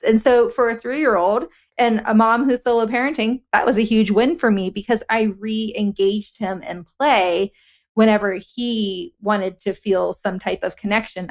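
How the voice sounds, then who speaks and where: A woman in her thirties, a parenting author, talks as a podcast guest and tells everyday stories about her toddler, quoting what she said to him. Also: medium pitch. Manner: warm practical storytelling with quoted dialogue. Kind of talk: casual conversational podcast chat.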